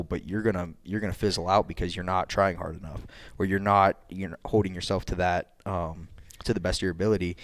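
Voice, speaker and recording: Earnest low-voiced male coach. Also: dry recording. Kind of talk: casual panel chat.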